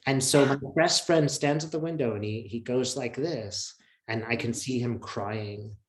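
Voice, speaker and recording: A man in an interview, telling a personal story in an earnest, emotional, reflective way with many pauses and fillers, heard over a video call. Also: medium pitch. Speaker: interview guest. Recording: roomy echo.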